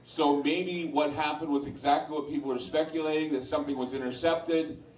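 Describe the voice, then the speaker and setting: A man's voice: a little high, steady tone, a little fast. Male host, blunt and opinionated, addressing a lounge crowd; echoey, distant room sound. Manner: blunt, opinionated, with crude asides. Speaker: radio host speaking to a live audience. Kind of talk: informal talk to a bar crowd. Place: sports lounge in front of an audience. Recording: echoey room, voice far from mic.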